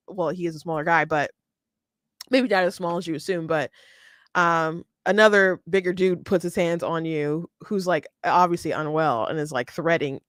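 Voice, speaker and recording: A woman hosts a casual political commentary stream, chatty and laughing often, with many restarts. Her medium-pitched voice comes through a close streaming mic with clean studio sound and no echo.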